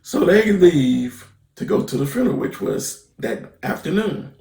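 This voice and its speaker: A man with a gravelly, creaky voice walks through a TV episode in loose, conversational slang. His voice bounces around an echoey room, and he leans on fillers like "basically" and "right?" to keep the recap moving. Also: on the high side, sing-song, measured pace, darkish tone. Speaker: TV episode reviewer.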